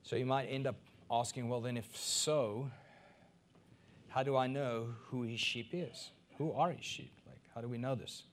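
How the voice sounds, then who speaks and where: A middle-aged man from Africa preaching a sermon as pastor, swinging between soft asides and loud, emphatic peaks. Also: medium pitch, fairly even intonation, normal speed, a little hiss or hum.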